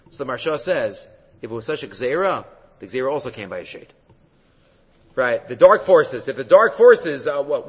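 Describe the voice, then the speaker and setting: A man giving an animated Talmud lesson, full of fillers and quick asides. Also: medium pitch, husky, in a large hall, muffled recording. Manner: animated, mixes English with Hebrew and Aramaic, many fillers. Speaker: Torah teacher. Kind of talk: Talmud lecture.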